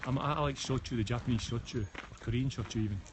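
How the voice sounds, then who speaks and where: A fast-talking, mid-range Scottish man with a West of Scotland accent streams live from a phone he holds while walking a forest path outdoors. He chats casually, answers comments, and often restarts his sentences, with clear background noise in the recording.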